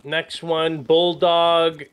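A man co-hosting a gaming video, chatting casually and reacting loudly as he plays, with game gunfire behind him. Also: a little high, clean tone. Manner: excitable, quick reactions, frequent "dude". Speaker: gaming channel co-host. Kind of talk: casual gameplay chat.

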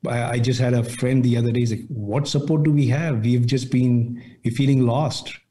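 Male interview guest, mellow tone, measured and a bit hesitant. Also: medium pitch, steady tone. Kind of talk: conversational interview.

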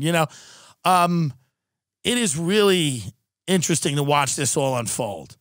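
A man's voice: a little high, unhurried, long pauses, fairly bright tone, no echo, clean studio sound. A man hosting a podcast, delivering a sarcastic, profane comedic rant. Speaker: podcast host.

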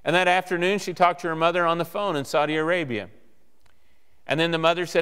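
Male preacher, storyteller type; resonant, slightly high voice; reverberant church sound. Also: fast talker, clear, resonant tone. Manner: animated storyteller acting out dialogue. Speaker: guest preacher. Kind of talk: sermon storytelling. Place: church sanctuary.

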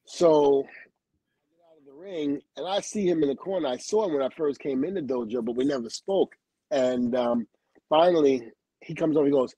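Guesting on a livestream, this middle-aged man recounts his career in a lively way, performing quoted dialogue, laughing a lot and cursing freely. His voice sits fairly high and moves at normal speed. The audio is rough, without echo.

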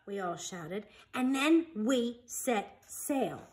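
A woman reading a children's picture book aloud as a storyteller, in an animated, expressive way. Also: mid-range voice, takes it slowly, hardly any pauses.

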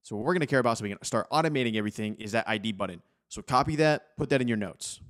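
A young man who talks fast and walks through a software tutorial in a chatty, upbeat way. His voice sits at a middle pitch, and he drops in a casual "y'all". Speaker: host.

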